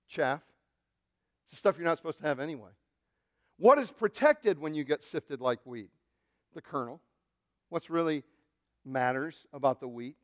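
Animated man preaching a sermon. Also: fairly high pitch, no echo. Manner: animated, acts out quotes, addresses the congregation directly. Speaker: pastor.

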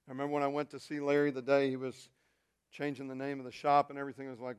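A male pastor preaching a sermon, telling a story and swinging from quiet, intimate asides to loud, shouted peaks. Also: medium pitch, little pitch movement, very fast, smooth.

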